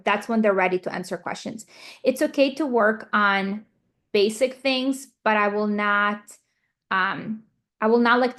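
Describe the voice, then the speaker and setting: A woman speech therapist giving a parent training talk over a video call, explaining with example scenarios and frequent fillers. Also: medium pitch.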